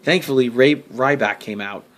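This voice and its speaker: A man's voice: mid-range voice, moderate pace, soft background music. A man giving a casual, rambling wrestling recap full of fillers, swearing and sudden exasperated outbursts. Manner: rambling, profane, many fillers and restarts; jumps to loud exasperated outbursts. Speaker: wrestling vlogger.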